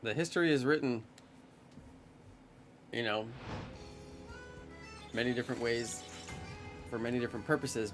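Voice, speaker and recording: A man's voice: mid-range voice, moderate pace, pauses often, music in the background. A man from the United States talking casually on a live stream, rambling with lots of fillers and answering viewers' chat. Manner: rambling, heavy on fillers like "you know" and "like".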